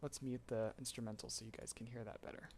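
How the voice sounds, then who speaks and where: A man explaining vocal tuning in a relaxed live-stream tutorial, chatting and laughing with his chat between explanations. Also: medium pitch, quick pace, creaky, a little hiss or hum. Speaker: streamer teaching voicebank tuning.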